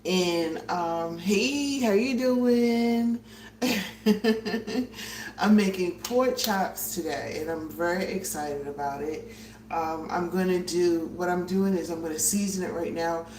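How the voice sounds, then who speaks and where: A woman's voice: fairly low pitch, unhurried, a little mellow. A woman hosting a casual cooking livestream from her home kitchen, chatty and a bit out of breath, greeting viewers as she works. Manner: chatty, greets viewers by name, frequent fillers. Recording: roomy, distant, faint hiss.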